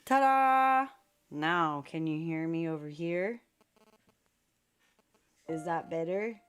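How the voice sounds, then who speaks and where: A woman speaks slowly in a low, clear, resonant voice. Hosting a live piano request stream from home, she chats playfully with viewers and laughs at her own expense. The studio microphone sits at varying distances from her.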